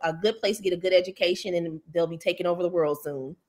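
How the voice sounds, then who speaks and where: A woman, a local official, chatting as a guest on a talk show, telling a story with mocking indignation and jumping higher when she quotes people. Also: fast talker. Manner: animated storytelling, jumps higher when quoting others. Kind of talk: casual talk-show chat.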